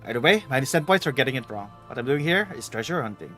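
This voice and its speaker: A man's voice: medium pitch, expressive, quick pace, pushed and bright, soft background music. A man reading game dialogue aloud, voicing a playful older woman treasure hunter with a bad back, in a teasing, bossy manner.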